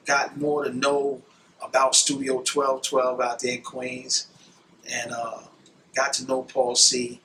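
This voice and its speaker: Man, interviewee, rambling fillers, flat delivery, distant mic. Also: mid-range voice, slight background noise. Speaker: interviewee in a documentary. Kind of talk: reflective interview talk.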